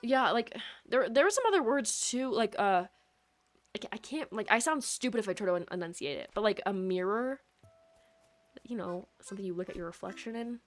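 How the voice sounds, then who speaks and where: A woman's voice: medium pitch, expressive, quick pace. Chatty young Midwestern woman streamer. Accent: American Midwestern. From American Midwest. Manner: rambling, chatty, peppered with "like". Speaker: game streamer. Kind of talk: casual gameplay chat. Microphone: USB microphone. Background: soft lofi music.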